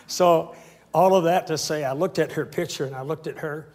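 Lively sixties male preacher. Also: a little high, moderate pace, pauses often, background noise. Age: 60s. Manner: call-and-response preaching, humorous asides. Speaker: pastor. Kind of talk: sermon.

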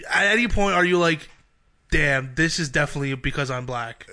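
A man's voice: fairly high pitch, fairly quick, a crowd in the background. A man chatting casually, cracking profane jokes and interjecting. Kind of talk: casual chat.

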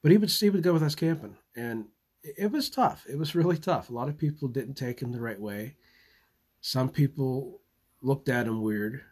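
A man's voice: medium pitch, normal speed, a little mellow, breathy edge. A man hosting his own channel and talking live in a casual monologue. He halts and repeats words often and chuckles as he goes. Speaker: channel host.

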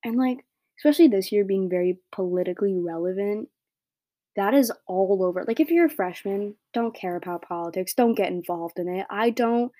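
Blunt rambling teenage girl, mellow voice. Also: mid-range voice, a little fast, dry recording, studio quality. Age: teens. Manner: blunt, rambling, heavy filler words. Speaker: podcast host. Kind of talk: solo opinion rant.

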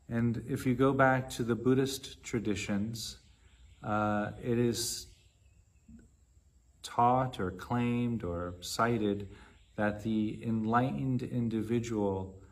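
A man teaching meditation in a measured, unhurried dharma talk with long pauses between phrases. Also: fairly low pitch.

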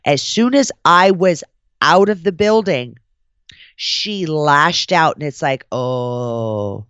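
In a dry recording with no echo, a podcast host with a lowish voice speaks slowly. She tells a story in casual chat, profane and lively, shifting into the voices of whoever she's quoting.

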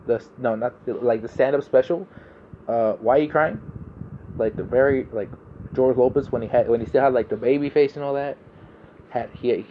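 A young man hosts a casual monologue podcast in a medium-pitched voice, laid-back and rambling as he swears freely. The audio is dull, with slight background noise.

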